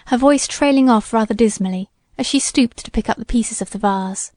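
A woman narrating an audiobook in a measured, soft storytelling manner. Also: fairly high pitch, no echo, clean studio sound.

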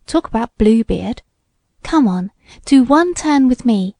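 Lady doing a bubbly teen girl voice, sing-songy and playful, high and dry. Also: animated, measured pace, dark tone, no room sound. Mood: teasing. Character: lively teenage girl, merry and teasing. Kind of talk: audiobook character voice.

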